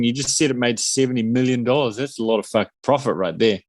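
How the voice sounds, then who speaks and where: A man's voice: mid-range voice, fairly quick, dry recording. A man in his forties co-hosting a casual film review podcast, with dry, sarcastic, self-mocking humor. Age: 40s. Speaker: podcast co-host.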